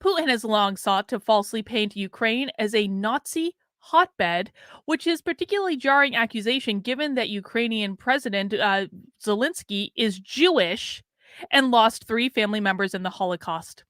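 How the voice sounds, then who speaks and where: A woman's voice: on the high side, animated, normal speed, fairly bright tone, no room sound, studio quality. A woman hosting a political commentary livestream, reading articles and viewer comments aloud with sarcastic asides. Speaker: livestream host.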